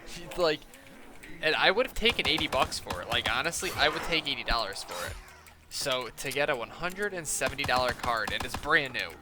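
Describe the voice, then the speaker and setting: A gaming streamer chats casually while playing, ranting and swearing as he retells an argument and mockingly quotes others. His medium-pitched voice is animated at normal speed, with a noisy background.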